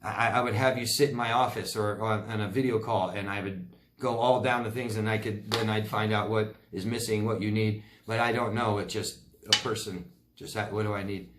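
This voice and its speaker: A man's voice: on the low side, steady tone, moderate pace, fairly bright tone, roomy sound, a little hiss or hum. A man giving blunt relationship advice as a coach, answering viewer questions and acting out quoted people. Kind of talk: Q&A advice talk.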